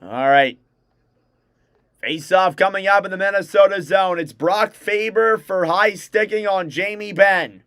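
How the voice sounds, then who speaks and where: A young man with a high, crisp voice calls a hockey game play by play for his livestream audience. He rattles off player names in quick bursts, and the sound is close and dry. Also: fairly even intonation, a bit bright, dry recording. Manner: rapid name-calling play-by-play, self-correcting. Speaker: fan livestream play-by-play host. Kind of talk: live hockey play-by-play commentary.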